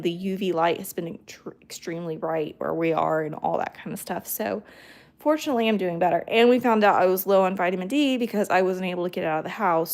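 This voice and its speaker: Chatty woman hosting a live stream. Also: fairly low pitch. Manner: rambling and chatty with many ums, drifting into soft baby talk with her dogs. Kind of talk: casual live-stream chat. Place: at home.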